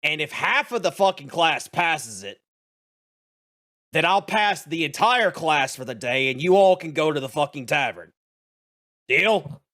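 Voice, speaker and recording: A man voicing a foul-mouthed, impatient male paladin teacher who yells and curses at his students. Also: a little high, animated, a little slow, voice pushed up. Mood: gruff impatient. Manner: yelling, cursing, surly. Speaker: game master.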